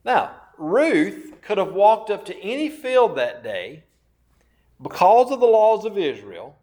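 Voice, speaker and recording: Slow, lively preaching man. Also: high voice. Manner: slow, emphatic preaching with repeated phrases and questions. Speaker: pastor. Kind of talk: sermon.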